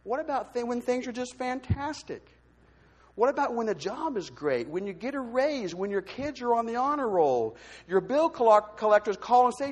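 A man giving a testimony from the pulpit in church, telling his story with lively, acted-out voices. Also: very high-pitched, normal speed. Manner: animated storytelling, acts out quoted voices. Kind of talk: sermon testimony. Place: church sanctuary. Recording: long hall reverb.

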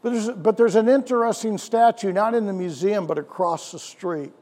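A male pastor preaching a sermon, animated, with rhetorical questions and chuckles, in a church. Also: sits high, normal speed. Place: church sanctuary. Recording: long church hall reverb.

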